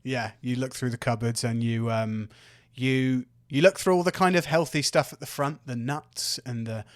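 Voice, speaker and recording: A man runs a tabletop game, setting scenes in an easy, meandering voice. His pitch sits mid-range and the sound is dry and close. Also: moderate pace, no room sound. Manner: relaxed, descriptive, with fillers. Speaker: dungeon master.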